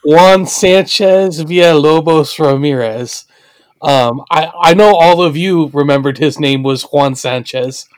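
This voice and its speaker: A man's voice: on the high side, measured pace, no echo. A man co-hosting a podcast, chatting casually and making playful jokes. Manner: joking, playful asides. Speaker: podcast co-host. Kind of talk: casual chat.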